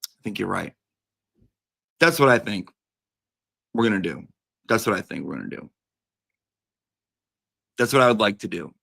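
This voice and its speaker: A man's voice: on the low side, lively intonation, moderate pace, creaky, long pauses, a bit bright. A man chatting casually as a host, rambling and playful, and now and then calling his cat in a sing-song voice. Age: adult with a daughter. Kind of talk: casual livestream chat.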